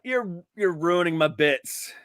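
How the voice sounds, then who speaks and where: A man's voice: sits high, expressive, takes it slowly, no echo, clean studio sound. A man co-hosting a casual podcast chat, swearing and joking, with family roots in Ohio. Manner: swearing, joking, does loud voices of relatives. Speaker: podcast co-host.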